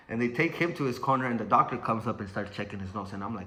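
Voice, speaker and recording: Bright-voiced young man telling a story. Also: mid-range voice, fast talker, echoey room, a little hiss or hum. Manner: swearing, animated, acts out sounds and quotes. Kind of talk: casual spoken storytelling.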